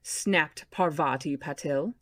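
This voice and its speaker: Podcast host lady reading a book out loud, slow and low, dry sound. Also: no room sound. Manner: measured, expressive storytelling. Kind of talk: reading a novel aloud.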